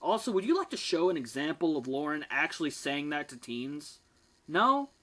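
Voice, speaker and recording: Reaction host, sarcastic, profane, mock-angry, average pitch. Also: lively intonation, brisk. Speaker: commentary video host. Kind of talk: reaction commentary.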